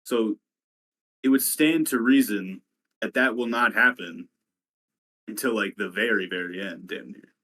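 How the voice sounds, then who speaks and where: A man's voice: on the low side, measured pace, pauses often, fairly bright tone. A man who is a podcast guest, chatting casually and tossing in laid-back, teasing interjections. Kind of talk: casual chat.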